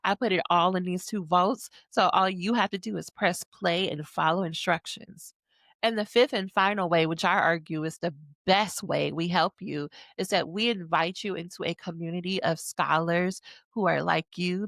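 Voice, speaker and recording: A woman dissertation coach giving a casual, frank, emphatic motivational pitch, talking straight to the listener and slipping into other people's voices for quotes. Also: moderate pace, a bit bright, dry recording. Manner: casual, frank, uses slang. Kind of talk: motivational sales pitch to camera.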